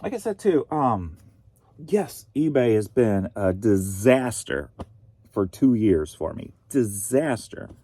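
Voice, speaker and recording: A man's voice: on the low side, sing-song, slow, dark tone, dry recording. A man from Missouri, a reselling vlogger with a sore throat, chatting in a rambling, wry way. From Missouri, USA. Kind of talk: casual vlog chat.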